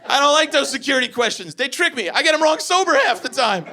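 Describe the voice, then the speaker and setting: A man in his forties performing a stand-up comedy set, telling profane, animated stories with acted-out asides. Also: very high-pitched, quick pace, a little hiss or hum. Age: 40s. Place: comedy venue with a live audience. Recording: live show with loud audience laughter.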